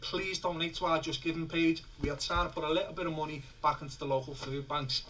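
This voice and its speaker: A man's voice: a little high, steady tone, fast, pushed and bright, a little hiss or hum. A man hosting a chat show in an upbeat, chatty way. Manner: upbeat, chatty, says mate. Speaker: talk show host. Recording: distant mic with faint music.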